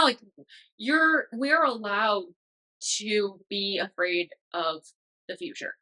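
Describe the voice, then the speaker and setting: A woman's voice: medium pitch, animated, unhurried, bright, forceful tone, rough recording. A woman in her thirties hosting a podcast, talking in a casual, emotional way with many fillers. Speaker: podcast host. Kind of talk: casual reflective monologue.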